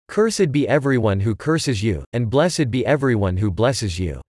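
A man reading the part of an aged blind father giving a solemn blessing, in a measured scripture-reading voice. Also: medium pitch, big pitch swings, darkish tone, no echo, studio quality.

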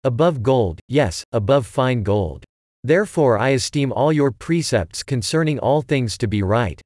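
Male scripture reader, varied intonation, dry close sound, measured recitation. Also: medium pitch, expressive, darkish tone, no echo.

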